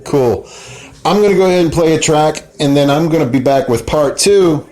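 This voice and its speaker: A man's voice: on the high side, normal speed, darkish tone, faint music behind. A man hosting a live internet radio show, chatting casually, laughing often and swearing freely. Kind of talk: casual chat.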